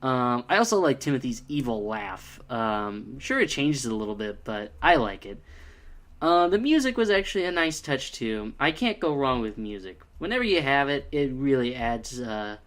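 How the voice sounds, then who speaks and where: A man's voice: medium pitch, sing-song, normal speed, fairly bright tone. A man giving a casual spoken review, hesitant, with frequent ums and restarts. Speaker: video reviewer.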